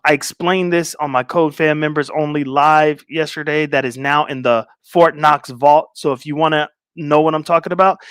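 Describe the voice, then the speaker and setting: A man's voice: on the high side, fairly bright tone, clean tone, dry recording, clean studio sound. A man hosting a casual livestream, rambling and distracted as he talks to viewers in chat. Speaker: livestream host.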